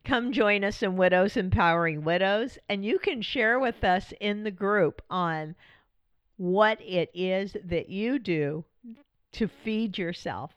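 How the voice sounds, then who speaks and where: A woman's voice: mid-range voice, takes it slowly, clear, resonant tone, no echo. A woman hosting a podcast as a coach, talking in a chatty, friendly way and laughing often. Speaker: podcast host and widow coach. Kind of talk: casual podcast monologue.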